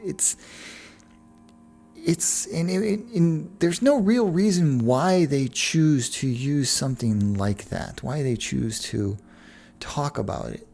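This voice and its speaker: A man's voice: fairly high pitch, expressive, takes it slowly, vocal fry, a little mellow. A man hosting a podcast, talking in a rambling, digressive way with frequent restarts. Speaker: podcast host. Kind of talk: casual monologue.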